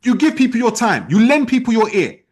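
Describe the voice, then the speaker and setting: A man leading an online sales team training, talking in a forceful, repetitive, challenging way. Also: very high-pitched, very animated, brisk, husky. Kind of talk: motivational training talk.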